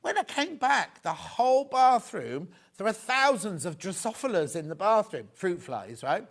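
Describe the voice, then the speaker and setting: A man's voice: sits high, very animated, measured pace. A middle-aged man hosting a live shopping show, chatting and rambling through jokey asides between prices. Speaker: shopping channel host. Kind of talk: live TV selling, casual chat.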